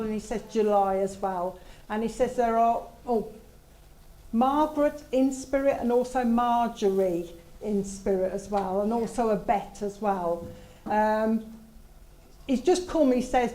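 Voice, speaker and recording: A woman's voice: on the high side, dark tone, rough recording. A woman working as a medium, relaying messages from spirit in a chatty way with asides. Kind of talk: mediumship demonstration at a service.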